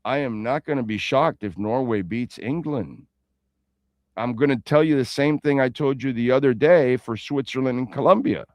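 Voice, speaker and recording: A man's voice: medium pitch, a little mellow, dry recording, clean studio sound. A man hosting a sports radio show in a casual, rambling way, with playful asides and betting talk. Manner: reads sponsor ads and betting lines.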